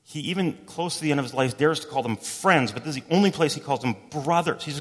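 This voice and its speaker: Man preaching in a reverberant hall. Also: a little high. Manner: conversational, animated storytelling with quick voices for quotes. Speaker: pastor. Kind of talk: sermon.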